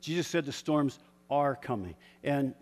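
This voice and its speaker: A man preaching a sermon, moving between quiet personal reflection and loud, fervent storytelling with bursts of laughter. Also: mid-range voice, expressive, measured pace, long reverb tail. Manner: builds from soft reflection to shouted fervor, with laughs.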